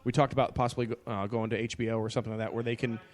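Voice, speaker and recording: A man's voice: mid-range voice, level tone, rapid-fire, a little mellow. A man co-hosting a casual podcast chat, talking in a rambling, enthusiastic way with many fillers. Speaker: podcast co-host.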